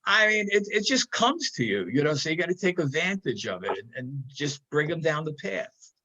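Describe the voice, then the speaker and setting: An older man telling a comic prank story on a talk show in a casual, animated way, acting out the other voices in it. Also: on the high side, normal speed, muffled recording.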